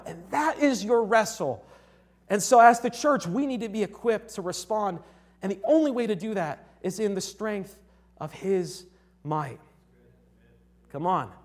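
A young man from Connecticut preaching a sermon in an earnest, conversational way, often restarting his sentences and checking in with his listeners. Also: sits high. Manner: earnest, conversational, with frequent restarts and rhetorical "right?".

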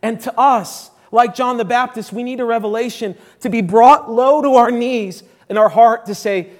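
A man preaching a sermon to a congregation in a church, emphatic, repeating key phrases and swinging between loud declarations and hushed asides. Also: very high-pitched, moderate pace, hardly any pauses.

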